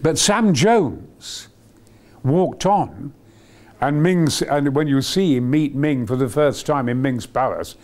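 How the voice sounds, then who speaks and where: A man's voice: medium pitch, expressive, slow pace, a little mellow. An older man, being interviewed as an actor, reminisces in an enthusiastic, rambling way with many fillers and restarts.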